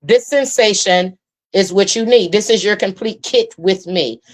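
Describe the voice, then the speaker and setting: A woman showing off her own hair and beard care line in a casual, enthusiastic demo, with folksy talk and drawn-out oohs. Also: medium pitch. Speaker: product seller demonstrating her own line.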